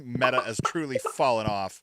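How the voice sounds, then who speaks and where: A man's voice: medium pitch, moderate pace, heavy background noise. A man streaming a co-op game, chatting in a laid-back, agreeable way. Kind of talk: casual chat while gaming. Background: game music.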